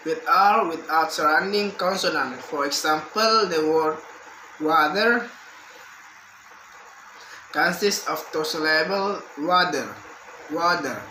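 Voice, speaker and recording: Slow-reading young man, echoey room. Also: fairly high pitch, sharp tone. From Indonesia. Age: young adult. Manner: slow, careful reading with repeated words and restarts. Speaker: university student. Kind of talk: reading a prepared exam answer aloud. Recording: echoey room with faint background hum.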